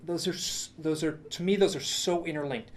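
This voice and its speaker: A man's voice: a little high, brisk, slight background noise. A man presenting a lecture with slides, telling a story with enthusiasm, many restarts and asides.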